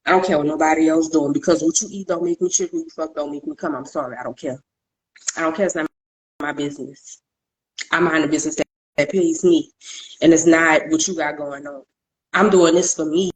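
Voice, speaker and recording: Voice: medium pitch, steady tone, fairly quick, poor audio. A podcast co-host sharing personal thoughts candidly, in an emphatic, repetitive, self-affirming way.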